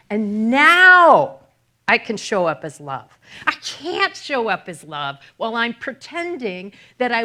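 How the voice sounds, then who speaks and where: A middle-aged woman preaching in a relaxed, conversational way, her fairly high voice swooping widely as she spins self-deprecating stories. Her tone is bright and sharp, and she laughs easily at herself along the way. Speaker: minister. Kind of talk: conversational sermon.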